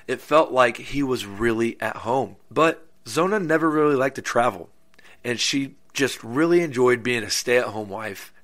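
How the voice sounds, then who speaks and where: Guy telling a spooky story casually, cracking crude jokes, bright voice. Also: mid-range voice. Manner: jokey, goofy asides and crude humor. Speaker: podcast host.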